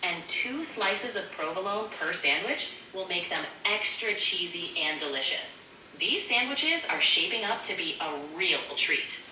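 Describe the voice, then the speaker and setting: Bright, upbeat synthetic woman's voice. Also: lowish voice, animated, measured pace, recorded from a distance, a little hiss or hum. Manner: upbeat and complimentary. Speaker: AI co-host. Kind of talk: cheerful assistant replies. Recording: echoey room, voice from across it.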